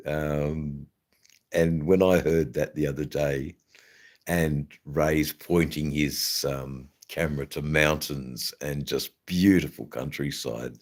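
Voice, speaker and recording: A man's voice: rumbling low, steady tone, slow. A man with an Australian accent, hosting a casual livestream chat and rambling with many hesitations and fillers. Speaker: channel host.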